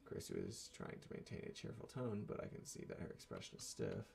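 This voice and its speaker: A man reads a visual novel's narration aloud, measured and subdued. His voice is deep and gravelly, and his pitch moves widely across the lines. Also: huge pitch swings, crowd noise. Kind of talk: reading a game's narration aloud.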